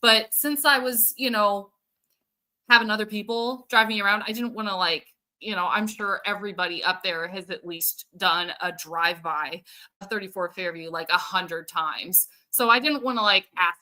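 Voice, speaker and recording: A woman with a mid-range, bright, forceful voice hosts a casual livestream at a moderate pace. She chats and answers viewer comments, thinking aloud with plenty of fillers.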